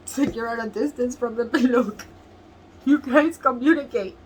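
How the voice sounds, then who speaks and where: A woman giving a tarot reading to camera, emotional and earnest, often laughing softly and near tears as she repeats phrases. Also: on the high side, moderate pace, slight background noise, rough recording. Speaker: tarot reader.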